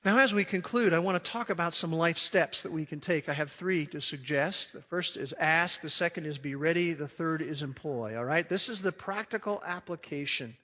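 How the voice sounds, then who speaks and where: Man, pastor, emphatic sermon, bright tense tone, long hall reverb. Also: on the high side, moderate pace, hardly any pauses. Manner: emphatic preaching, swelling loud then dropping quiet.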